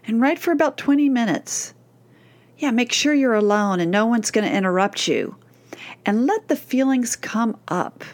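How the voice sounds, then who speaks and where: Woman, parenting coach, soft reassuring delivery, scripted advice to mothers. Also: medium pitch. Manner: gentle, reassuring, speaks directly to moms.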